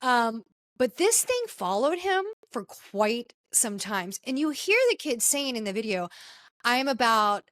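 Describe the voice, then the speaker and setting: A woman hosting a podcast, telling stories in a casual, animated way with frequent exclamations. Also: fairly high pitch, measured pace, no room sound. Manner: animated storytelling, exclaiming often. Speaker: podcast host.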